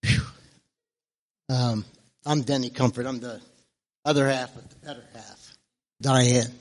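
A man's voice: mid-range voice, fairly even intonation, measured pace, big-room sound. A man giving a devotional talk at a church service, hesitant and earnest, with many fillers.

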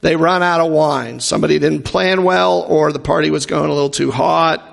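A man's voice: a little high, normal speed, gravelly, big-room sound. A man giving an informal, conversational sermon with jokey asides and acted-out quotes. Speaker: preacher.

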